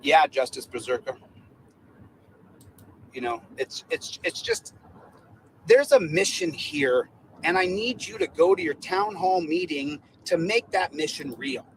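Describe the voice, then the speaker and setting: Higher-voiced man urging followers on, repeats himself, faint background noise. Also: animated, unhurried, long pauses, low-quality recording. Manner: repetitive, stumbling, exhorting. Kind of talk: rallying monologue.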